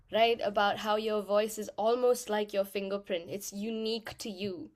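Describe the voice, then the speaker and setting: A woman with a slightly high voice gives an animated workshop talk to a roomful of listeners. She is encouraging and hands-on, and keeps shifting her voice to show each point as she teaches. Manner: animated, encouraging, demonstrates vocal changes. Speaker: actor and singer giving a voice workshop talk. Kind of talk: lively workshop talk to a live audience. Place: room with a live audience.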